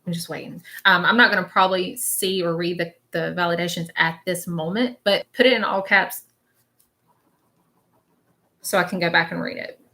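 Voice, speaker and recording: Bright-voiced chatty woman medium. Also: on the low side, fairly even intonation, normal speed. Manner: chatty, reassuring, keeps checking in with "okay?". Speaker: spiritual medium. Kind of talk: live-stream reading.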